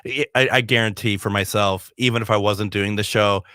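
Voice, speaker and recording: Bright-voiced male radio host, rambling. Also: fairly low pitch, fairly even intonation, brisk, clean tone, no echo, studio quality. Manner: rambling, many restarts. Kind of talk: casual radio chat. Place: radio studio.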